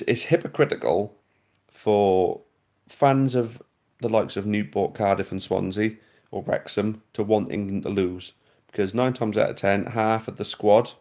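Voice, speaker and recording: A Welsh man hosting a casual live stream, his voice sitting a little on the low side. He is blunt and chatty, reading viewer comments aloud and answering each as he goes. His sentences ramble and restart as he thinks. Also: darkish tone. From Wales.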